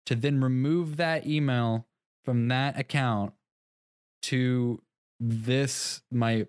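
A man's voice: mid-range voice, fairly even intonation, slow, a little mellow, smooth, no echo, clean studio sound. A young man co-hosting a podcast in casual chat, rambling through a story, laughing at himself often. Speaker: podcast co-host.

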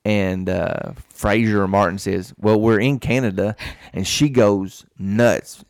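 A man's voice: on the low side, fairly even intonation, takes it slowly, a little mellow, no echo. A man co-hosting a podcast, telling a long, rambling story full of restarts and fillers in a casual chat. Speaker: podcast co-host.

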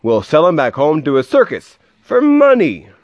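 A man voicing a group of excited, greedy male hunters in a storybook read aloud, exclaiming loudly in a raised voice on a dry, dull lo-fi recording. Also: on the high side, normal speed, no echo, pitched above the performer's own voice.

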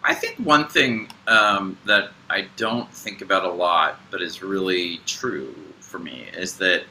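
A man's voice: low-pitched, expressive, measured pace, bright, forceful tone, poor audio. A man co-hosting a spiritual podcast, talking in a rambling, hesitant way with many fillers and restarts. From United States. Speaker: podcast co-host. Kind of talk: casual spiritual podcast chat.

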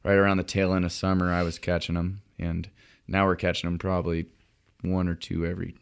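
A man's voice: sits low, monotone, a little fast, vocal fry, clean tone. A young man, a fly fishing guide, chatting casually on a podcast with lots of fillers and restarts.

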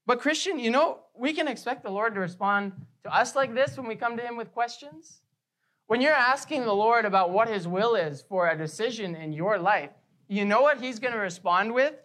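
A woman pastor preaching a sermon with emphasis, often repeating key phrases slowly. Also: on the high side, animated, fairly bright tone.

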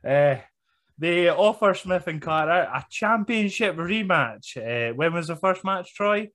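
A man's voice: sits high, lively intonation, a little slow, a bit bright. A man co-hosting a wrestling podcast, talking in a dry, tired, sarcastic way. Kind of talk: casual chat.

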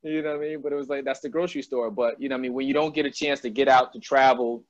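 A man's voice: medium pitch, very fast. Casual man hosting an interview. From Albany, New York. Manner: relaxed, repeats "you know what I mean". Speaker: interview host. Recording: dull dry lo-fi sound.

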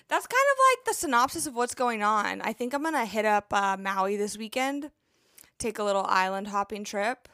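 Chatty young woman with a gravelly edge. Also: medium pitch, a bit bright, no room sound, clean studio sound. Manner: chatty and rambling, playful asides. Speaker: podcast host and nurse. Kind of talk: casual chat.

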